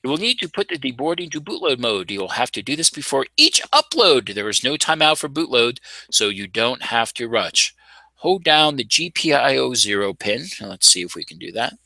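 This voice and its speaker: Playful gravelly man hosting a tinkering stream. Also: mid-range voice, very animated, moderate pace, bright, forceful tone, no echo. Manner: playful, showman-like, mock announcer asides. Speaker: maker channel host. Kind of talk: casual live coding and tinkering commentary.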